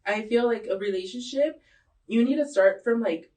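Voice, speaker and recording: A woman's voice: a little high, normal speed, a little mellow. Rambling, giggly woman co-host, off-mic. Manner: laughs often, rambling with many fillers. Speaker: podcast co-host. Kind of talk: casual chat. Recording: voices heard from a distance.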